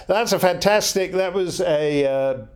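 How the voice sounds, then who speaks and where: A man's voice: sits high, clean tone. A middle-aged man hosting a casual listener Q&A, wry and digressive with chuckling asides. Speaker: podcast host answering listener questions. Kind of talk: casual Q&A chat.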